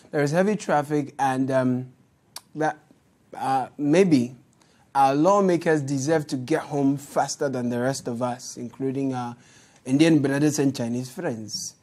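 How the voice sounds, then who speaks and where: A news show host with a Ghanaian accent, delivering satirical commentary in a sarcastic, mocking way. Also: medium pitch. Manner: sarcastic, mocking, laughs at clips.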